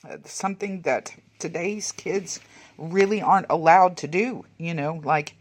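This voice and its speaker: A woman, chatting casually while leafing through old photos, rambling and muttering soft asides. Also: lowish voice, measured pace. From Texas. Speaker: vlogger. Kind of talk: casual reminiscing over a photo album.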